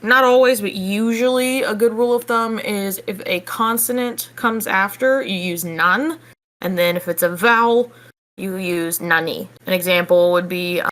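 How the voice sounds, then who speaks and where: A woman teaching a casual online language lesson, explaining in a relaxed, chatty way with casual fillers. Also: mid-range voice, moderate pace.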